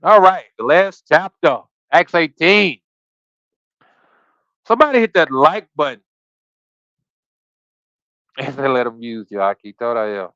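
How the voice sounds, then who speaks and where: A man's voice: a little high, animated, measured pace, pauses often, a bit bright, no room sound, dull audio. A man hosting a livestreamed Bible study, reading scripture aloud and then riffing on it in a casual, preachy way while quizzing his listeners. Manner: casual slangy asides between readings. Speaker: scripture study podcast host. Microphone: streaming setup.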